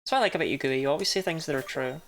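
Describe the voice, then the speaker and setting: A woman's voice: deep voice, very fast. A woman chatting casually while streaming a game, laughing often and swearing now and then. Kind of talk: casual live-stream commentary.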